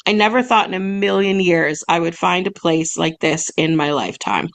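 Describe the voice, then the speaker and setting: A woman's voice: lowish voice, animated, normal speed, creaky. A young woman co-hosting a podcast in casual chat, bubbly and laughing often as she reads emails aloud. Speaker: podcast co-host, massage business owner.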